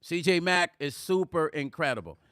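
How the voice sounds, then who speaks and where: A middle-aged man hosting a live music vlog, reading viewer comments aloud in casual chat, animated and emphatic and repeating words for emphasis. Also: a little high, moderate pace, smooth, no room sound, studio quality. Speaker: music vlogger hosting a livestream.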